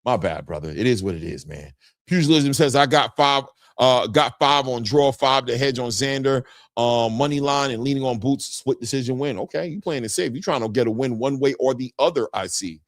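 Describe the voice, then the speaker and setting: A man's voice: moderate pace, no room sound. A man hosting a boxing live stream in casual chat, reading viewer comments aloud and often ending his lines with "man". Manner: animated, jumps in pitch when greeting viewers. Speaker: boxing show host.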